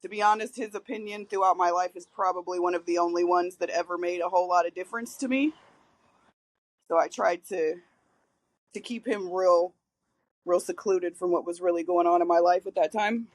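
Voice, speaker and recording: A woman's voice: fairly low pitch, fairly even intonation, brisk, no echo, rough recording. A woman in her forties speaks plainly and openly as a podcast guest, swearing now and then as she talks through her own past. Her voice is close and dry, with no room sound around it. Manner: candid, frank storytelling with casual swearing. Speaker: guest, reentry liaison. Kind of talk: casual podcast interview.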